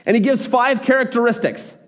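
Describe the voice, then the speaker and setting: A man preaching a sermon as pastor, talking in an animated, emphatic way with frequent restarts. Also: extremely high pitch, brisk.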